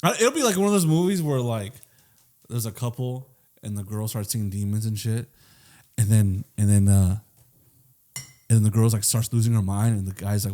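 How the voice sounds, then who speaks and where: A man's voice: lowish voice, moderate pace. A young man co-hosting a comedy podcast, chatting casually and acting out bits with lots of swearing. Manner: animated storytelling, acts out bits with swearing. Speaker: podcast co-host. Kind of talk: casual chat.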